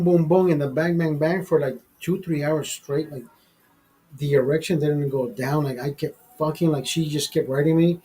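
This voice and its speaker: Profane rambling man with a husky voice. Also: a little high, mellow, rough recording. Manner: profane, rambling, with frequent fillers and restarts. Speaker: show host telling a story. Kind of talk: casual live-stream storytelling. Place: studio.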